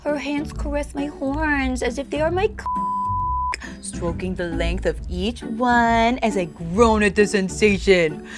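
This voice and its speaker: A horned barbarian man's lines, cooed in sing-song baby talk by a woman. The pitch swings widely and sweetly. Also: big pitch swings, slow, music in the background. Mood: cooing.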